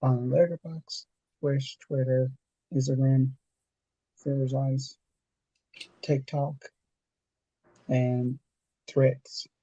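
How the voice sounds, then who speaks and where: Dark, husky laid-back livestream host. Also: male voice, mid-range voice, level tone, drawn-out words, pauses often, dry recording, dull audio. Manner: laid-back, plugs his channels. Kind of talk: casual livestream chat.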